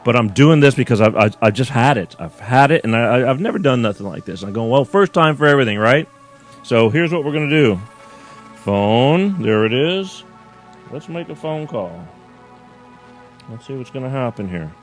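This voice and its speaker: A man's voice: mid-range voice, animated, normal speed. A man hosting a live call-in show, complaining in an exasperated, rambling, profane way to his viewers. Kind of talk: live-streamed rant to viewers. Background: faint chill music.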